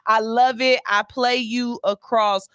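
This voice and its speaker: A woman's voice: a little high, fairly even intonation, takes it slowly, fairly bright tone, clear, resonant tone, dry recording, studio quality. A woman hosting a morning radio show, chatting casually with loose, playful banter and cursing freely. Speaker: station engineer.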